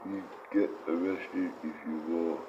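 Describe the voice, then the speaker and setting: A blunt Australian man in his sixties rambles through a casual live-stream chat in a deep, steady, unhurried voice, reading comments aloud and talking to his dogs. The stream audio is dull and lo-fi, with faint noise.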